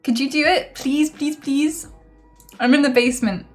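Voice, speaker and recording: A woman's voice: high voice, steady tone, moderate pace, soft background music. A woman streamer chatting casually and playfully on a live stream, laughing often.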